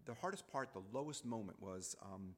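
A man telling a personal story in a reflective, halting way, repeating phrases as he goes. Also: lowish voice, lively intonation, big-room sound.

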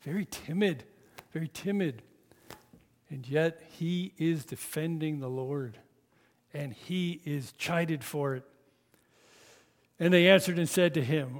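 Male preacher, fairly high voice, slow dramatic storytelling, long echo. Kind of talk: sermon. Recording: long hall reverb.

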